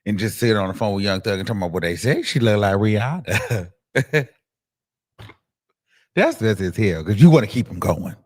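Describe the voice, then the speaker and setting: Animated, profane male commentary host. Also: on the low side, normal speed, pauses often, long reverb tail. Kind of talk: casual commentary.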